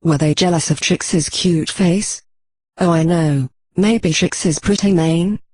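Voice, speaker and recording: A text-to-speech voice reading the lines of a gentle, doting pegasus mother from a storybook, in a flat, even synthetic delivery. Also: mid-range voice, a little slow, no echo, close to an everyday voice.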